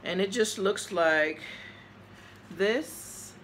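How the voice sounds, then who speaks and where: Bright-voiced chatty woman vlogger. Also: fairly low pitch, unhurried, a little hiss or hum. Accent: New York. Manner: chatty, gushing, talks straight to viewers. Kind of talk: casual mail-opening vlog.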